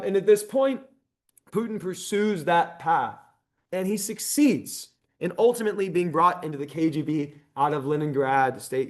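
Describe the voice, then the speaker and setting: Male lecturer with a high, bright-sounding voice; animated and conversational, peppered with ums, speaking at a library talk. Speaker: history lecturer.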